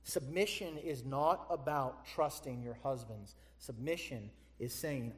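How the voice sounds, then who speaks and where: A man preaching a sermon, animated, firing rhetorical questions at his congregation. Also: medium pitch, unhurried. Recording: echoey hall.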